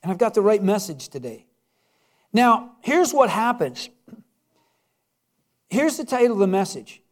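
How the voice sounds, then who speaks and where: High-voiced man preaching conversationally. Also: big pitch swings, a little slow. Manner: conversational preaching with rhetorical questions and repetition. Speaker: pastor. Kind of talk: sermon.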